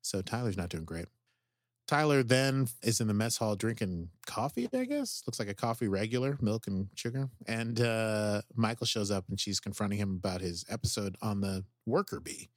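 A man co-hosting a podcast, recapping an episode in excitable, rambling casual chat full of "like". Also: on the low side, moderate pace, dry recording, clean studio sound. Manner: excitable, rambling, heavy use of "like". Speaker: podcast co-host.

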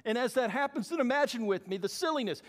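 Male pastor, high-pitched and animated, preaching in a church hall with long reverb. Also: fast talker. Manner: animated, acts out quoted voices. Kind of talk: sermon.

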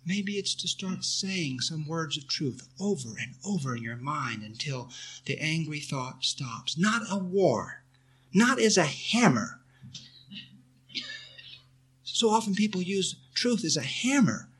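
A man's voice: a little high, big pitch swings, takes it slowly, a bit bright, slightly rough. A man giving an earnest spiritual talk, answering a question and leading his listeners in repeated affirmations. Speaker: spiritual teacher.

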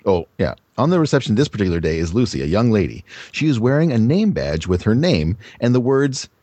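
Low-voiced man stumbling through a script. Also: big pitch swings, brisk, dark tone, no echo. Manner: stumbles over words, self-corrects. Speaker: reader in a group reading game. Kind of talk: dramatic reading of a bad script.

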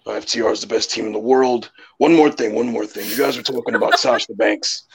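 A man doing a rough comic impression of a gruff, grudge-holding retired male wrestler, rambling and halting with many fillers. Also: lowish voice, exaggerated voice. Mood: blunt.

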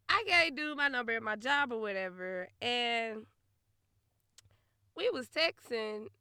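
A young adult woman hosting her own podcast, telling a story in a blunt, profane, laughing way that swings from muttering to loud outbursts. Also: a little high, no room sound, studio quality. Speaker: podcast host. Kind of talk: casual storytelling monologue.

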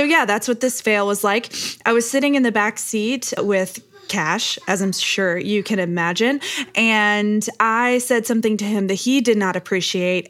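A woman's voice: medium pitch, fairly bright tone. A woman in her thirties, a pastor who hosts a podcast, chatting casually and laughing often with playful asides. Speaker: podcast host.

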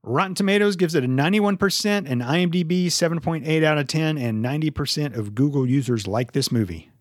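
A man's voice: fairly high pitch, fast talker, dry recording, studio quality. A man hosting a casual movie podcast, joking and swearing as he runs the segments. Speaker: podcast host.

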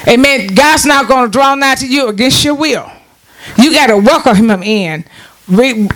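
A man preaching a sermon, calling out to the congregation for responses and rising into shouts. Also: very high-pitched, expressive, normal speed.

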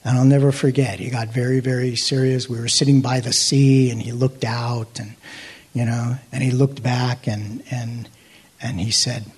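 A man with a husky, slightly breathy voice tells a deeply personal story. He halts, repeats himself and restarts, often letting his voice fall to a hushed near-whisper. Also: flat delivery. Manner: hesitant, halting with many restarts, sinking to hushed near-whispers. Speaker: actor sharing a testimony.

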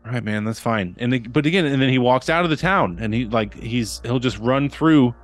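A man's voice: medium pitch, brisk, faint music behind. A man and father on a podcast, chatting casually and rambling with lots of fillers and restarts. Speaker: podcast co-host. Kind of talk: casual chat.

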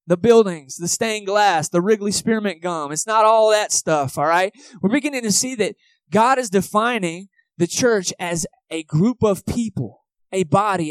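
Male pastor, slightly high voice, relaxed chatty sermon delivery, dry close sound. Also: no room sound, low-quality recording. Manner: casual, conversational preaching with fillers and asides. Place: movie theater used as church venue.

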